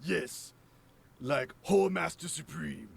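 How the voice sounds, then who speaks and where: A man's voice: fairly high pitch, slow, creaky. A man voice actor cracking jokes in outtakes, in a noisy booth recording. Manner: joking, wisecracking.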